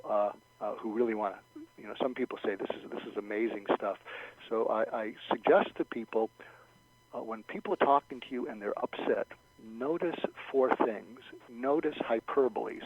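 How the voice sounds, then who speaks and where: A man's voice: medium pitch, breathy edge, no echo. A man as guest expert in an interview, explaining techniques and acting out example phrases with many restarts. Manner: animated, acts out example phrases, frequent restarts. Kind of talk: interview advice. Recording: dull lo-fi dry sound.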